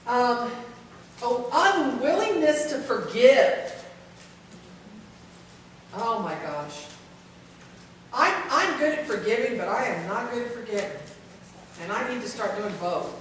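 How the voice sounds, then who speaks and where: A woman's voice: a little high, expressive, slow pace, pauses often, slight background noise. A woman giving a candid, self-deprecating talk at a caregiver symposium, joking with the room. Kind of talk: conference talk to an audience. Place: large conference hall. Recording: very echoey hall, voice from far off.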